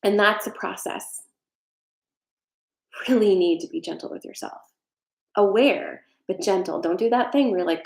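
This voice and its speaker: A woman's voice: medium pitch, animated, a little slow, gravelly, long pauses. Earnest woman in an echoey room. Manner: earnest, reassuring, candid with mild swearing. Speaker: tarot reader. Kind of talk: casual live-stream tarot reading.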